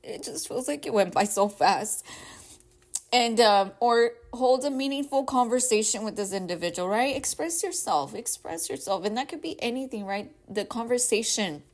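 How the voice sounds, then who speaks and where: A woman with a slightly high voice hosts a casual advice podcast at a normal pace. She rambles in a heartfelt way, full of "like," "right?" and "y'all," and gets emotional enough to come near tears at times.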